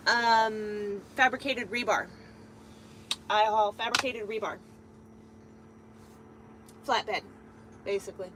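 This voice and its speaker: A woman's voice: fairly high pitch, sharp tone, slight background noise, rough recording. A woman truck driver chatting casually on a live stream from her truck cab, rambling with lots of ums.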